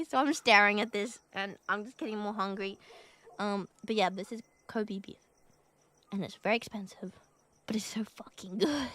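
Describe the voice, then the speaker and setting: A woman's voice: a little high, fairly bright tone. A young woman streamer chatting casually with viewers. She giggles often, thanks them for donations and swears offhandedly. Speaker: VTuber streamer.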